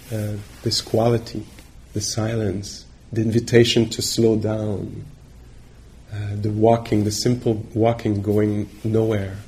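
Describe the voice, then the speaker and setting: A male meditation teacher giving a dharma talk on retreat, gentle and reflective, pausing often as he searches for words. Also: fairly low pitch. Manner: halting, searching for words with many pauses.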